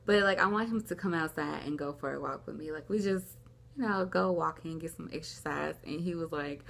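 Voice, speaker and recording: Young woman rambling thru a story at home, lots of like, lowish gravelly voice. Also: normal speed, a bit bright. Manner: rambling, lots of "like", acts out quoted dialogue. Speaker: vlogger. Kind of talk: casual storytelling to camera. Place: at home, indoors.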